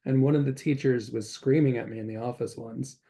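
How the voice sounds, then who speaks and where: A man's voice: mid-range voice, steady tone, brisk, warm tone. A man hosting an interview, telling blunt, self-assured stories of his own. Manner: blunt, self-assured anecdotes with short laughs. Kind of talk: casual interview chat.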